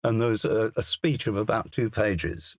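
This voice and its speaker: A man's voice: on the low side, normal speed, dry recording. An older English man, a crime novelist, chatting as a studio guest with a hesitant, self-deprecating manner full of restarts and asides. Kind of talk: casual interview chat. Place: recording studio.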